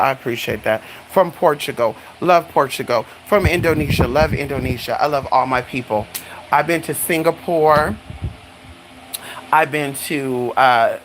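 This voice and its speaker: Flamboyant streamer, sassy and chatty, mid-pitched voice, faint hiss behind. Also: a bit bright, poor audio. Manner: sassy and flamboyant, calls listeners honey and girl; swoops high for dramatic exclamations. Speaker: livestreamer. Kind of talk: casual live-stream chat.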